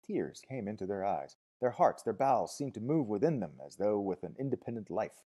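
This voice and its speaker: A man narrating a novel as an audiobook, expressive, dropping to hushed tones and rising to loud cries. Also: fairly low pitch, brisk, few pauses, slightly rough. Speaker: audiobook reader.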